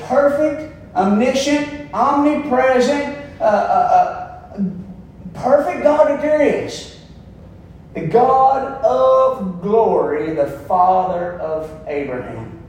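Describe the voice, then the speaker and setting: A man preaching to his congregation in a high voice, emphatic and calling for amens. His voice rings through a very echoey church hall, picked up from well away from the mic. A faint hiss sits underneath. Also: a little mellow. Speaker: pastor. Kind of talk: sermon. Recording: echoey room, from far off.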